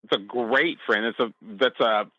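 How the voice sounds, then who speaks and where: A man sharing a personal testimony as a podcast guest, speaking in a halting, reflective way with frequent restarts. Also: mid-range voice, sharp tone, dry recording, muffled recording.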